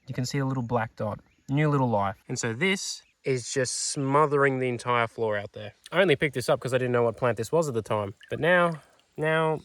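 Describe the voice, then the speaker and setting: A man's voice: mid-range voice, dry recording. A young man, a PhD student, chatting enthusiastically and joking about himself while doing fieldwork outdoors in a swamp. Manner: enthusiastic, jokey, self-mocking. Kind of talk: casual outdoor field vlog. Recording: distant mic with faint outdoor noise.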